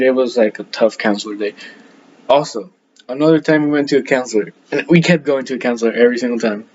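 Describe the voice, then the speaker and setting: A man's voice: mid-range voice, dull audio. A young man rambling through casual stories, full of fillers and self-corrections, laughing at himself. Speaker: podcast storyteller.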